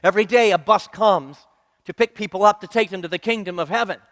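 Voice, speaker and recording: Male preacher, earnest and repetitive, quizzes his congregation; high voice in a reverberant church. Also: fast, a bit bright. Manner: earnest, rhythmic repetition, asks the congregation questions. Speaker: minister. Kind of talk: sermon. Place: church sanctuary.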